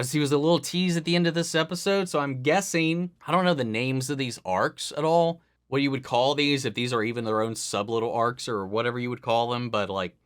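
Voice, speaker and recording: A man's voice: medium pitch, fairly bright tone, clean tone. A man hosting an anime reaction, thinking aloud casually with frequent restarts and musing asides.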